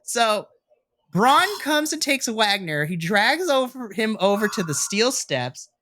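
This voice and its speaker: Young male podcast co-host, excitable recapper, crisp bright tone, dry close sound. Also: sits high, takes it slowly, no room sound. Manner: excitable storyteller, swears, acts out reactions. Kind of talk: casual wrestling recap.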